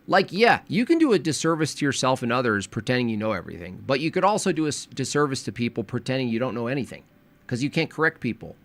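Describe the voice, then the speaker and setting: Sarcastic reaction host, voice swoops widely from deadpan to high mock bursts. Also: male voice, quick pace. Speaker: video reactor. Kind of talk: reaction commentary.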